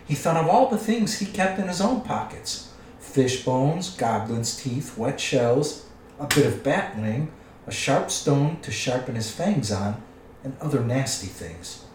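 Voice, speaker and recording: A man reading a storybook aloud with expressive storytelling. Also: mid-range voice, unhurried, recorded from a distance, slight background noise. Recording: echoey room, away from the mic.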